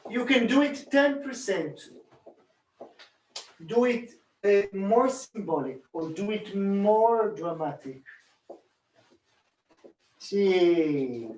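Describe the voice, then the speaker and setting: A man's voice: high-pitched, very slow, long pauses. Man teaching with roomy distant sound. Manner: calm, repeats rhythmic sounds while working. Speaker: bodywork teacher. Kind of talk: demonstrating a hands-on technique. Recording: roomy echo, distant from mic.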